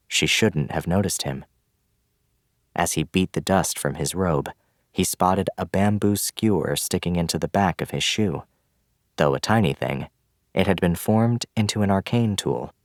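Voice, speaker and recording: A man giving scripted, measured audiobook narration of a fantasy novel. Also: sits low, no echo, clean studio sound.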